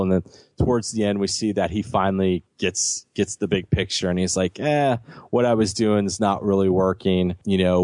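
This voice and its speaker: Rambling, low-voiced man chatting. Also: a little mellow, no echo. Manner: rambling, many fillers and restarts. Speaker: podcast co-host. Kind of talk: casual chat reviewing a cartoon series.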